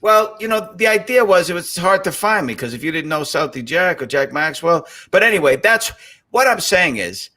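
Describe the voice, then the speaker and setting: Bright-voiced man with a Boston accent. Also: on the high side, moderate pace. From Boston, South Boston. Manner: animated storyteller, slips into other voices. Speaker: guest. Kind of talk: casual chat.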